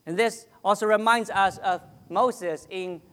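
A pastor preaching a sermon, earnest and deliberate, with long pauses and sudden drops to a soft voice. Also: male voice, sits high, smooth.

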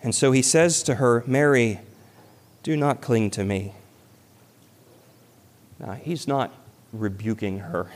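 A man's voice: medium pitch, slow, pauses often. Earnest male pastor in a reverberant hall. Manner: earnest, rising to emphatic peaks. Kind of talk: sermon.

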